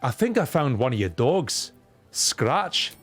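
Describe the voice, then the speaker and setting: A man's voice: mid-range voice, very animated, normal speed, a little mellow, faint music behind. A man streaming a video game, chatting casually and profanely with his viewers, often slipping into mock voices. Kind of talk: casual gaming commentary.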